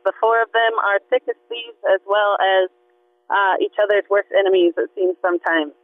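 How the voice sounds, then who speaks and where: A woman's voice: medium pitch, no echo. A woman calling in to a radio show, earnest and searching, trailing off with fillers as she asks for advice. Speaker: caller. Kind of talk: phone-in question. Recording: tinny phone line.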